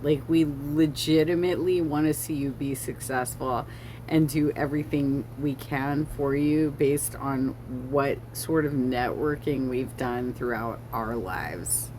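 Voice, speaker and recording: A woman hosting a casual reaction commentary, slow and rambling, with many fillers and self-corrections. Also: rumbling low, warm tone, a little hiss or hum. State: has the hiccups. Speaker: reaction video host. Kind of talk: casual commentary over a song.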